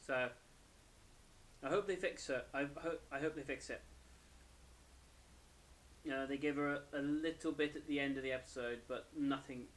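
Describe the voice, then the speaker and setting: A man's voice: medium pitch, normal speed, long pauses, fairly bright tone, a little hiss or hum. A young man, tired and yawning, casually reviewing an anime episode in a rambling, self-correcting way.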